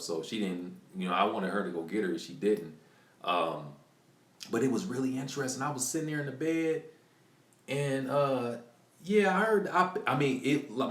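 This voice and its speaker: Man, live streamer, casual storytelling, excited, lively up-and-down pitch, echoey room. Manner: animated, excited retelling with restarts and acted quotes. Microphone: computer mic on a live stream.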